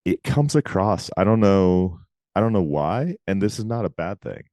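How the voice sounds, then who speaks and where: A man co-hosting a podcast in casual chat, talking emphatically with quick asides. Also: sits low, lively intonation, dark tone, no echo. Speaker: podcast co-host.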